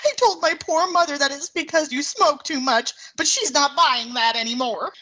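A woman's voice: high voice, moderate pace, bright, forceful tone, low-quality recording. A woman playing a wife at counseling who pleads emotionally, close to tears. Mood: exasperated. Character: exasperated young wife at counseling.

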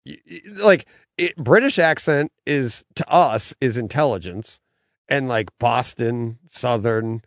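Animated laughing male podcast host. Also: medium pitch, a little slow, no echo, clean studio sound. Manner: animated, laughs often, trails off into fillers. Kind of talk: casual chat.

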